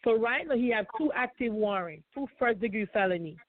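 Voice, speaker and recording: A woman's voice: on the high side, lively intonation, brisk, no room sound. A woman guest telling her personal story in an interview, emotional and repetitive. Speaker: guest author. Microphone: phone call. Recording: tinny dry phone line.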